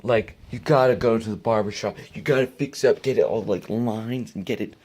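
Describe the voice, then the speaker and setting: A man's voice: lowish voice, moderate pace, a little mellow, slightly rough. Nagging, insistent middle-aged dad, done by a young man in a vlog.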